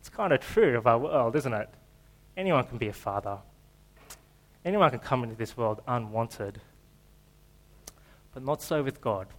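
Aussie pastor guy preaching, chatty and jokey, mid-pitched voice. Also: animated, moderate pace, long pauses, rough recording. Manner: conversational, joking preacher. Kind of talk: sermon. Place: church.

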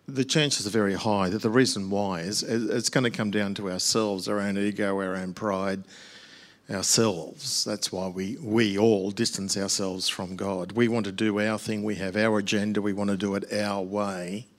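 A man's voice: lowish voice, steady tone, unhurried. An older man, a pastor answering questions at a church Q&A in a plainspoken way with dry humorous asides.

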